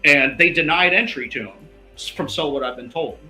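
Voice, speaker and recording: A man's voice: on the high side, brisk, bright, forceful tone. A man speaking as an investigative guest in a heated interview, emphatic and peppering his points with "all right". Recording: echoey room with faint music.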